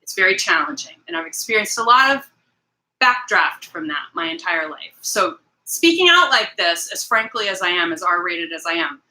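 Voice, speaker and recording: A woman's voice: fairly low pitch, big pitch swings, normal speed, pushed and bright, poor audio. A woman hosting a casual livestream, talking straight to her viewers in a rambling, emphatic way and greeting people in the chat. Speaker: livestream host.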